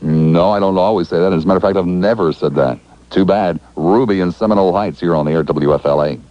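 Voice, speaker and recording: A man's voice: sits low, fast. A man hosting a call-in radio show, sarcastic and needling, cutting callers off, heard through a lo-fi AM broadcast. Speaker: radio talk show host. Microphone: studio broadcast mic.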